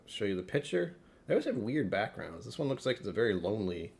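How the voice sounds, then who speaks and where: A man's voice: fairly low pitch, big pitch swings, fast talker, creaky, darkish tone, a little hiss or hum. A man hosting a whiskey tasting livestream, chatting casually with viewers in a wry, self-mocking way.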